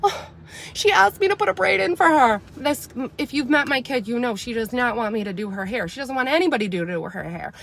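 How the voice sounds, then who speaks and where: Mom in her 30s telling a story on a live, higher voice, pitch jumps all over. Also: brisk, gravelly. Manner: animated, rising loud when quoting herself scolding. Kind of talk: casual storytelling livestream.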